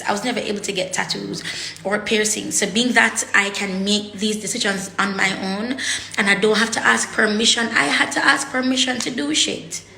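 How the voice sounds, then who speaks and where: A woman's voice: medium pitch, sharp tone. Blunt, raw-talking woman in an echoey room. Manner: blunt and raw, swears freely, heavy with her words. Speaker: vlogger. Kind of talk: candid personal vlog talk.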